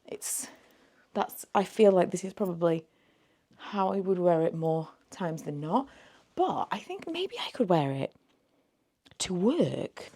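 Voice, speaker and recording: A woman's voice: lowish voice, lively intonation, slow, long pauses, dark tone. A woman near forty, chatting casually through a thrift haul, rambling and a little slurred as if just woken. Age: late 30s. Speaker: beauty vlogger.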